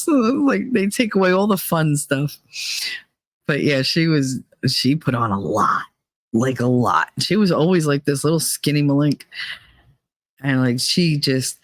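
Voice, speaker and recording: A woman hosting a podcast, telling a gossipy story in a casual, profane way, laughing often and jumping up in pitch for punchlines. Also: normal speed, no echo. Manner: animated, jumps up in pitch for punchlines. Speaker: podcast host.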